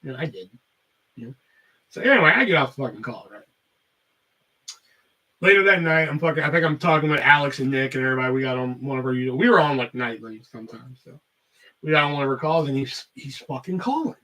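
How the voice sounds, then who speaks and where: A man's voice: medium pitch, animated, quick pace, long pauses, pushed and bright, far from the mic, low-quality recording. A man hosting a podcast, telling a rambling story in casual talk full of swearing. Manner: rambling, heavy cursing. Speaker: podcast host.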